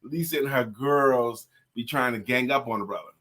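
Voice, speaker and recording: A man's voice: mid-range voice, normal speed, fairly bright tone. A man, from Brooklyn, co-hosting a casual live stream and teasing his co-host in playful banter. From Brooklyn, New York.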